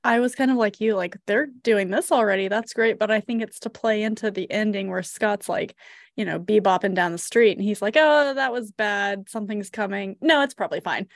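A woman co-hosting a casual movie podcast, who retells scenes in an animated way and laughs often. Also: mid-range voice, a little fast, no echo, studio quality. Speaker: podcast co-host.

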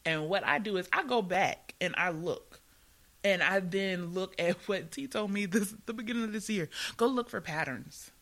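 Bright, animated woman. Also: on the low side. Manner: animated, laughs often, repeats words when excited. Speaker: podcast co-host. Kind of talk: casual faith talk.

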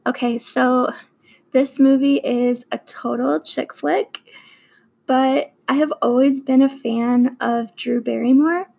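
Slow-paced high woman with gravelly fry. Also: dark tone, poor audio. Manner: earnest and enthusiastic, with emphatic superlatives. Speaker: vlogger reviewing favorite movies. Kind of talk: slow, deliberate countdown of a movie list.

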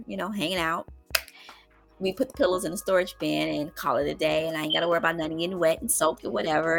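A middle-aged woman telling a story to her viewers in casual, colloquial talk, calling them y'all and getting loud when excited. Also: lowish voice, gravelly. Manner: animated, with loud exclamations and laughs. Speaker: vlogger.

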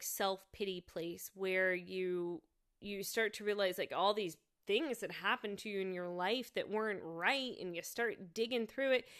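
Woman, casual commentary, slow unhurried delivery, smooth clear voice, halting and reflective. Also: medium pitch, fairly bright tone. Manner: thoughtful, halting, with many fillers and restarts. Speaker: commentator reviewing a show.

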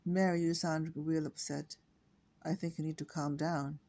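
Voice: mid-range voice, little pitch movement, a little slow, warm tone. A reader voicing a worried mother who talks to her daughter in a soothing, concerned way. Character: worried mother, gently pious.

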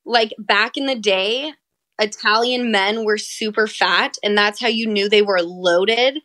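A woman's voice: mid-range voice, unhurried, sharp tone. A woman co-hosting a podcast, chatting casually, filling her talk with "like" and swearing freely. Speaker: podcast co-host. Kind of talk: casual chat. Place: at home, apart from co-host.

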